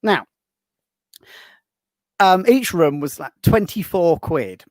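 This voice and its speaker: His voice sits high and his delivery is slow, captured dry. The man, a podcast guest who writes books, swaps anecdotes in easygoing conversation, animated as he tells them and frequently restarting mid-sentence.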